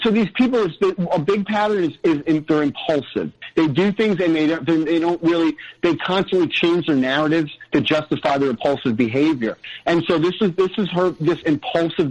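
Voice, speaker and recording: Guy guest on a podcast, kinda high voice, halting and earnest, muffled lo-fi sound. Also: a little mellow. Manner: halting, restarts often, earnest. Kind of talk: personal story in a podcast conversation. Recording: dull lo-fi audio.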